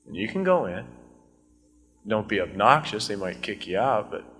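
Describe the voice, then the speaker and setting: Bright-voiced male pastor preaching in a reverberant hall. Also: fairly low pitch, very animated, normal speed, soft background music. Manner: conversational preaching that swells into fervent scripture reading. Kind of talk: sermon.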